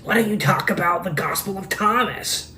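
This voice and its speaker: A man's voice: high-pitched, moderate pace, pushed and bright, a little hiss or hum, pitched above the performer's own voice. Man mocking a whiny online commenter. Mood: mocking nagging. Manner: nagging, mocking, rattling off demands. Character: whiny conspiracy-obsessed male online commenter. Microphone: camera microphone.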